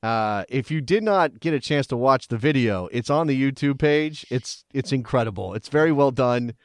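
A man's voice: medium pitch, expressive, moderate pace, dry recording, studio quality. A man in his forties hosting a casual sports podcast, rambling with restarts and laughing often. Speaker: podcast host.

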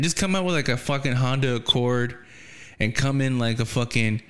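A man's voice: mid-range voice, brisk, clear, resonant tone. A man hosting a podcast, chatting casually and swearing freely, laughing often. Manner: profane, laid-back, laughs often. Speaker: podcast host.

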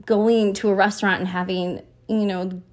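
A woman hosts her own podcast in a relaxed, open-hearted way. She speaks earnestly and is quick to be moved, and she scatters "you know" through her sentences. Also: medium pitch. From United States. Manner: heartfelt and earnest, often emotional, many "you know" fillers. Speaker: podcast host. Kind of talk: casual podcast monologue.

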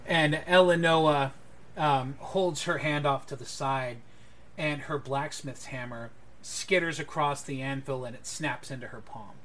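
A man's voice: a little high, measured pace, fairly bright tone, a little hiss or hum. A man running a tabletop game as game master, describing scenes at length with hesitant fillers.

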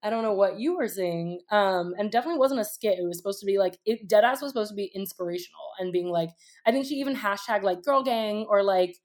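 A woman's voice: mid-range voice, quick pace, hardly any pauses. A young woman co-hosting a podcast, sassy and sarcastic, in casual chat with frequent laughs. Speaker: podcast co-host.

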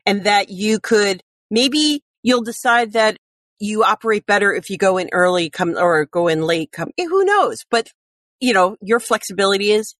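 Chatty woman, podcast talk, easy laugh, mid pitch, dry close mic. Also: normal speed, no room sound. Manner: chatty, laughs easily, animated. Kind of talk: casual conversational interview.

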